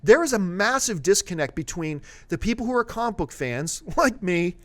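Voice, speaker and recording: A male host in a casual movie news discussion, animated and talking at length before handing off to a co-host. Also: high voice, moderate pace. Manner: animated, talks at length and admits it.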